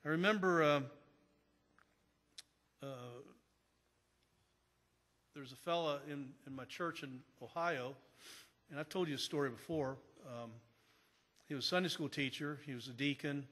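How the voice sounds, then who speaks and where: A man serving as pastor delivers a sermon in a church sanctuary, his stories conversational and marked by frequent restarts. He talks unhurriedly and pauses often, in a fairly bright voice on the high side, echoing with long hall reverb.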